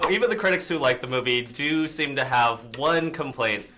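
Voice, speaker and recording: A man's voice: medium pitch, animated, moderate pace, bright, forceful tone, faint music behind. A man co-hosting a film review show, chatting casually and joking around with his co-hosts. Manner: jokey, does voice impressions.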